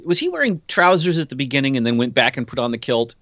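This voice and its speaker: A man's voice: medium pitch, big pitch swings, fast, fairly bright tone, dry recording, dull audio. An American man chatting as a podcast guest, rambling and searching for his words. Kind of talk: casual podcast chat.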